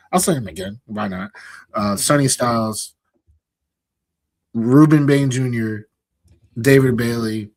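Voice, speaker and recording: A man's voice: mid-range voice, a bit bright, dry recording. A man in his thirties co-hosting a casual sports talk show, easygoing and upbeat. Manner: easygoing, upbeat, many fillers. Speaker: podcast co-host.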